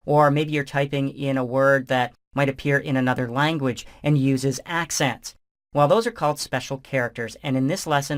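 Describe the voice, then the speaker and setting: Man narrating a software screencast tutorial. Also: medium pitch. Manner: relaxed, conversational step-by-step explaining. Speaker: software instructor.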